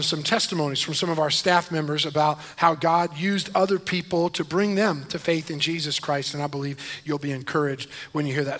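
Male pastor, higher voice, preaches playfully, builds to loud fervent calls. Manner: joking asides, rising to loud emphatic preaching. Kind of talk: sermon.

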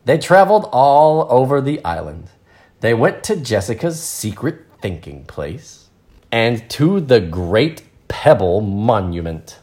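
Slow, playful storybook reader man. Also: medium pitch. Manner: relaxed, playful, explains words plainly. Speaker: storyteller and English teacher. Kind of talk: reading a picture book aloud with explanations.

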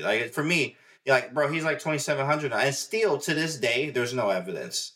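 A man's voice: medium pitch, expressive, fairly quick, hardly any pauses, pushed and bright, faint music behind. A man chatting casually in slang, sounding incredulous and argumentative. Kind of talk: casual chat.

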